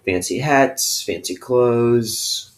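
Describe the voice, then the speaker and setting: A man's voice: medium pitch, drawn-out words. A man teaching a recorded video lesson to students, upbeat and playful, often ending his phrases with a checking "okay?".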